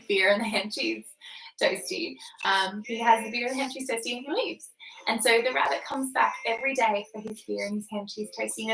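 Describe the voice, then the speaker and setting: A woman's voice: fairly high pitch, gravelly, a bit bright. A young woman with an Australian accent guiding an online Pilates class, chatty and informal with lots of ums. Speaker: Pilates instructor. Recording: echoey room.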